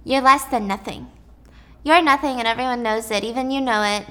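Woman playing a cruel robot companion, icy, monotone insults. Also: on the high side, a little fast. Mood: contemptuous.

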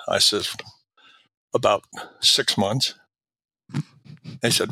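A man's voice: medium pitch, fairly even intonation, a little slow, vocal fry, bright, forceful tone, no room sound. An older man from Quebec, a guest in an interview, telling long anecdotes with many fillers and acting out quoted dialogue. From Quebec, Canada. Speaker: guest, retired drug agent. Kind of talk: storytelling interview.

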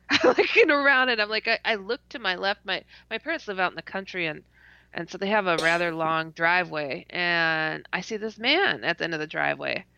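A woman telling a personal story in a casual interview, animated and laughing often, stuttering and restarting as she goes. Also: lowish voice, fairly quick, creaky, clean tone, dry recording. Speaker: interview guest. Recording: dull lo-fi dry recording.

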